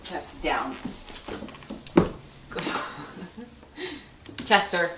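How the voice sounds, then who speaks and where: In a fairly low, sing-song voice at a very slow pace, a woman records her baby's feeding at home. Laughing often, she speaks baby talk to the baby and the dog, and the room sounds echoey with faint noise.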